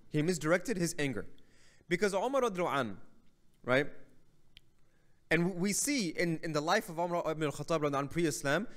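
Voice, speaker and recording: A man giving a religious lecture, telling a story in a conversational way and often checking in with the audience. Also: on the high side. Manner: conversational storytelling with frequent "right?". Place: mosque hall.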